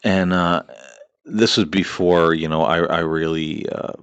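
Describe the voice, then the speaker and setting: A man with a very low voice hosts a spiritual talk show, speaking earnestly with a preacherly rhythm. He builds long repeated lists and fills pauses with "uh" and "you know." The sound is dry, with no room echo. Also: steady tone, a bit bright, smooth, lo-fi sound. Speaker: host of a paranormal talk show.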